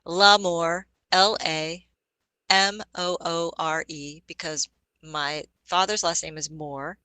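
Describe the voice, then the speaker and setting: A chatty woman with a low-pitched but bright, forceful voice, talking casually as a podcast guest. She rambles, laughs easily and spells words letter by letter. The sound is dry and close. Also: fairly even intonation, takes it slowly, clean tone, dry recording, poor audio. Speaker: guest musician.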